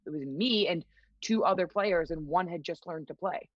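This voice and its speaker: Young woman, interview guest, lively storyteller, slightly low voice, lo-fi sound. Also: normal speed, no room sound. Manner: lively storyteller who acts out quoted voices. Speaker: guest, hockey player. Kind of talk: casual interview chat, storytelling.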